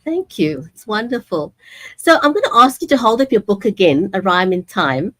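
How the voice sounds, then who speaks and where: A woman's voice: mid-range voice, big pitch swings, moderate pace, a bit bright, no echo. South African woman co-host, dry sound. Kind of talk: interview questions.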